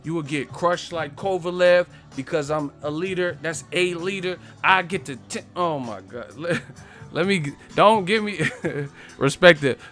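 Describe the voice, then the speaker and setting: A man with a slightly high voice riffs on a live stream, trading playful, boastful rap bars and cracking himself up between them. Faint music plays underneath him. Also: measured pace, a bit bright. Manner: playful, boastful, laughing at his own rhymes. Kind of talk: casual live stream chat, freestyle rapping.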